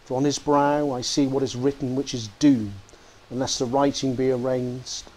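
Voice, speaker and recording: A man reading aloud as a sorrowful, solemn male Christmas spirit, speaking low and hushed. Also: level tone, moderate pace, lightly acted, poor audio. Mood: solemn warning.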